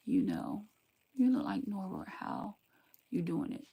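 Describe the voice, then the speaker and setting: A woman's voice: lowish voice, unhurried, vocal fry, breathy edge. An older woman, a grandmother live-streaming and answering chat comments in a blunt, scolding, sarcastic way. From southern United States. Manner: blunt, scolding, sarcastic warnings with lively swings. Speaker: livestreamer.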